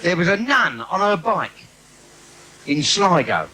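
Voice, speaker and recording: Brief: London man, lively sing-song comic patter, noisy live-theatre sound. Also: high voice, takes it slowly. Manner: brash, cheeky patter with audience asides. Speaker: stand-up comedian. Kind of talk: live bawdy stand-up routine. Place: theatre stage before a live audience.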